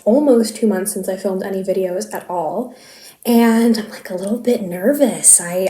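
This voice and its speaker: A woman's voice: fairly high pitch, dark tone. A woman of twenty-six, hosting a knitting podcast in a rambling, self-deprecating casual chat and laughing easily. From Canada. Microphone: filming herself on camera. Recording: echoey room.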